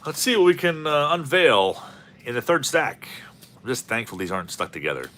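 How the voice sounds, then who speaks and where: A man's voice: mid-range voice, big pitch swings, normal speed, fairly bright tone, slight background noise. A man hosting a card-opening video, rambling and joking as he calls out player names. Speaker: host of a card-opening channel. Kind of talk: casual commentary while opening packs.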